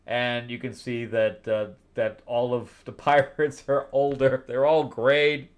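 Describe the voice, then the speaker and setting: A man hosting a comic book review show, talking casually, bluntly exasperated, laughing often and swinging from low mutters to loud disbelief. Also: level tone, measured pace. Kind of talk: casual spoken review commentary.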